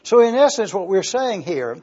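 Man, preacher, sermon, slow emphatic teaching, high husky voice, dull lo-fi recording. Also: sing-song, dark tone. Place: church hall with a screen.

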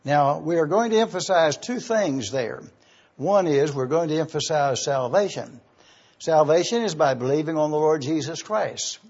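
A man preaching an evening sermon, teaching in a measured way and repeating key points slowly so listeners can write them down. He speaks to a congregation in an auditorium. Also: fairly high pitch, lively intonation, darkish tone, slightly rough. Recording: dull lo-fi recording.

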